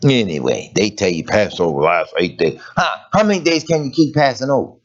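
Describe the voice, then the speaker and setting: A man preaching a sermon in a lively, conversational way, asking rhetorical questions and laughing as he goes. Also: on the low side, fairly quick, a little hiss or hum. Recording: dull lo-fi recording.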